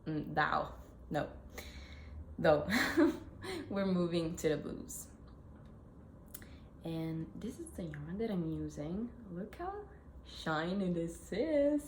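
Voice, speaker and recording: Young Italian-accented woman hosting a knitting vlog, unhurried, lowish voice, echoey room with faint hiss. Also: big pitch swings, darkish tone. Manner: chatty, self-correcting, giggly asides. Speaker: knitting podcast host. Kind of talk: casual chat to camera.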